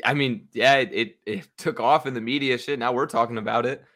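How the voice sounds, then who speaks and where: A young man with a bright, sharp-edged voice talks football in a loose podcast chat. He swears freely and gets worked up quickly. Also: mid-range voice, fairly even intonation. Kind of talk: casual sports chat.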